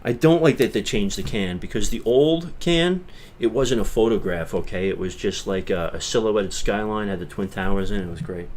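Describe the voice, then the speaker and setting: A man from Long Island, chatting casually on his livestream in a rambling way that swings from mutters to loud bursts. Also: on the low side, moderate pace. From Long Island, New York. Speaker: livestream host.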